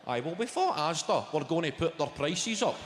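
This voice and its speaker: A Glaswegian man works the crowd in a swearing, chatty stand-up set, his voice sitting a little high. He is recorded live in a big reverberant hall, with loud audience noise all around him. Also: normal speed. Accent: Glaswegian Scottish. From Scotland. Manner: sweary, conversational crowd work with animated bursts. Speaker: stand-up comedian. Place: large theatre stage with audience.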